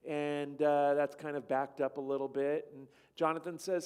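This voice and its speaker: A man's voice: on the high side, little pitch movement, normal speed, a little mellow, clear, resonant tone. A man at a church, casually telling a travel story over slides in a rambling way and acting out what people said. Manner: rambling, acts out quoted dialogue. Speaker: church speaker.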